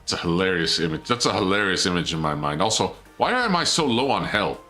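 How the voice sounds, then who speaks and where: A male streamer talks through a game live, playing a theatrical mock villain as he teases another player. His voice sits a little low but sounds sharp and forceful. Faint music plays behind him. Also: big pitch swings, a little fast. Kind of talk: live gameplay commentary.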